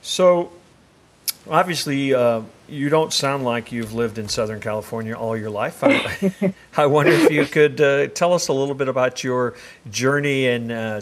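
A man hosting a podcast interview, friendly and teasing, often restarting his sentences. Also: mid-range voice. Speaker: podcast host.

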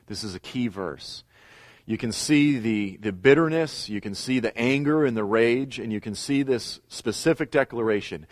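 A middle-aged man teaching a Bible lesson, telling the story in a steady way with pauses and emphatic repeats. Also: on the low side, dry recording, studio quality. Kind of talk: teaching lecture.

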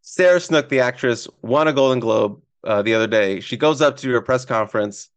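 A man hosting a casual sports podcast, talking in an excitable, rambling way with a hoarse, strained voice. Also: medium pitch, fairly quick, no room sound. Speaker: podcast host.

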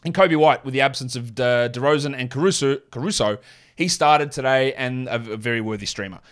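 A man's voice: mid-range voice, fairly bright tone. A man with a non-American accent hosting a fantasy basketball show, talking through his picks in a chatty, opinionated way. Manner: chatty, opinionated, quick asides. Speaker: fantasy basketball podcast host. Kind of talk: casual solo analysis with ad read.

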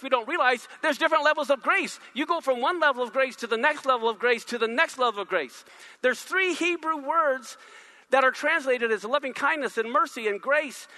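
High, bright-voiced male preacher. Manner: animated, teaching with questions to the congregation. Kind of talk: sermon.

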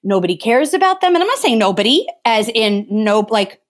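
Interview guest: woman, fairly high-pitched, impassioned and emphatic, restarts a lot. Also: very animated, brisk. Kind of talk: earnest conversational interview talk.

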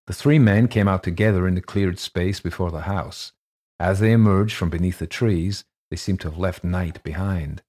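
A man narrating a ghost story as an audiobook, steady and measured in his telling. His voice sits low, with a husky edge to it.

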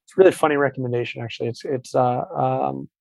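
A man talking as a podcast guest in a casual interview, telling stories quickly with frequent restarts. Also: medium pitch, creaky, dry recording. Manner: fast, animated storyteller with many restarts.

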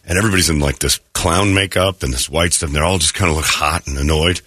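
On his morning radio show, a man with an extremely low voice talks quickly, his delivery pushed and bright. He rambles through casual anecdotes, acting out quotes and clearing his throat. The studio-mic recording is studio quality, with no echo.

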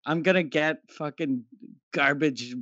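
A man chatting casually with a friend on a podcast, swearing in a wry, laid-back way. His voice sits slightly high, and the recording is muffled and dry. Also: a little slow, bright, forceful tone, dry recording. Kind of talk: casual chat.

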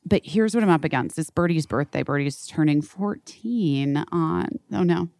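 A woman's voice: low voice, expressive, moderate pace, creaky, darkish tone, dry recording, clean studio sound. A woman chatting casually over a video call, rambling and swearing freely. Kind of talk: casual chat.

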